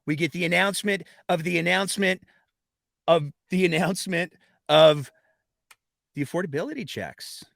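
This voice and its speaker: A man's voice: high voice, normal speed, creaky, long pauses, fairly bright tone, no echo, studio quality. A man hosting a casual political podcast, playful and wry, steering the talk with questions. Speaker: podcast host.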